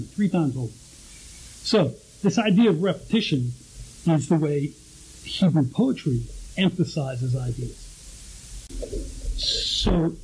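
A man's voice: on the high side, warm tone, slight background noise, low-quality recording. A male pastor giving a conversational teaching sermon, often restarting and repeating words as he explains.

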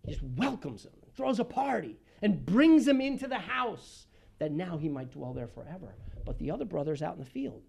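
A pastor preaching a sermon, swinging from loud emphasis to hushed, almost whispered passages and acting out the people in the story. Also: medium pitch, very animated, normal speed, creaky, breathy edge. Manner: acts out the voices of the people he describes.

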